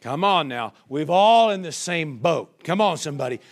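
Preaching as pastor, a man with a fairly high, expressive voice keeps a moderate pace. His sermon uses call-and-response, a barrage of rhetorical questions, and calls for the congregation to respond, and he acts out quoted voices.

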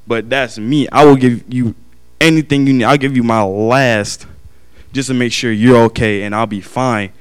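A young man giving an earnest, halting personal testimony to his family and church, often restarting his sentences. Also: medium pitch, steady tone, clear, resonant tone.

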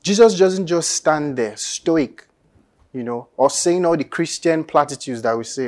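Brief: Nigerian preacher, thirties, fairly high voice, earnest and conversational with emphatic peaks. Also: male voice, animated, a little slow, darkish tone. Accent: Nigerian English. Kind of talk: sermon.

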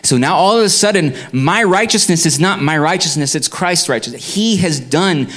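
A man's voice: a little high, lively intonation, moderate pace, a bit bright. Conversational male preacher. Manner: conversational, many restarts and fillers. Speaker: pastor. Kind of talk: sermon.

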